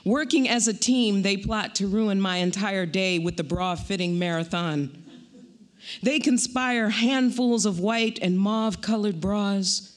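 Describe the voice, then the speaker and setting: A woman poet reading her own poem aloud at a live event, with a wry, rhythmic delivery and pointed pauses. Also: medium pitch.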